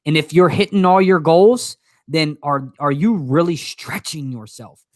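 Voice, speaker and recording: A man's voice: on the high side, measured pace, dry recording, studio quality. A man co-hosting a casual live stream, stammering through restarts and greeting viewers by name. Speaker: co-host.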